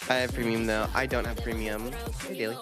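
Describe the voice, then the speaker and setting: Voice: mid-range voice, level tone. Profane, rambling vtuber over music. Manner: rambling, profane, quick reactions with laughter. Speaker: vtuber streamer. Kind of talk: casual live-stream chat. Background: background music.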